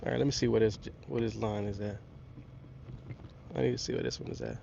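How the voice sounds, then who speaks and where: A man with a hoarse voice from a cold, chatting casually on a fishing livestream from a lake. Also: lowish voice, fast, slight background noise. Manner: excitable, talks to viewers and fish. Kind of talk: casual live-stream chat. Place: outdoors on a lake. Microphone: camera mic on the body. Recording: muffled lo-fi outdoor stream.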